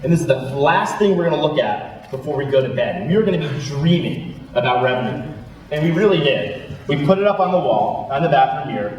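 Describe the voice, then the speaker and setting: A young man on stage, telling his founding story with quick, self-deprecating asides. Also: mid-range voice, lively intonation, darkish tone. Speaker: startup founder giving a talk. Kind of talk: storytelling keynote talk. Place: large lecture hall. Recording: very echoey hall, voice from far off.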